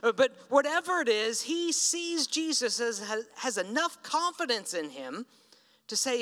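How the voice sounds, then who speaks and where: A man's voice: very high-pitched, sing-song, a little slow, a bit bright. A man preaching a sermon in a conversational storytelling way, acting out the lines he quotes. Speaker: pastor. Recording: reverberant hall.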